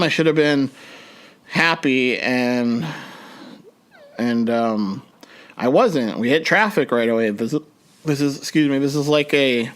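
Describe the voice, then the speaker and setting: A young man, a podcast host telling a personal story in a rambling, halting way, with many restarts and fillers. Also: medium pitch.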